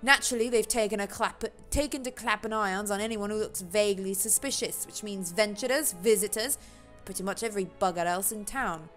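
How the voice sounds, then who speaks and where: A woman voicing a gruff, jovial tavern keeper man in a put-on old sailor brogue, with rough, drawled speech. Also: mid-range voice, a little fast, a bit bright, faint music behind, natural voice. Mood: hearty. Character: gruff pirate-ish tavern keeper man, hearty and boastful.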